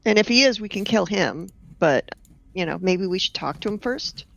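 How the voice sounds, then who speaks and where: A woman's voice: mid-range voice, animated, moderate pace, gravelly, fairly bright tone. Woman at a tabletop game telling others what to do, muffled lo-fi mic. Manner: cautious, bossy. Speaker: player. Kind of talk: tabletop role-play chat. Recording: dull lo-fi sound.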